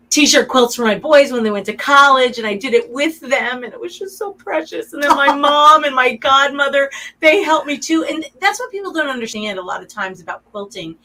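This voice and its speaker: A woman's voice: medium pitch, bright, forceful tone, low-quality recording. A middle-aged woman, a guest artist in a radio interview, talking in a chatty, effusive way and getting emotional.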